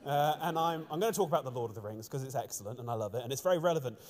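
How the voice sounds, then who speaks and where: A man's voice: medium pitch, animated, very fast, darkish tone. A man preaching a sermon from the front of a church, telling stories earnestly, with frequent restarts. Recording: long church reverb.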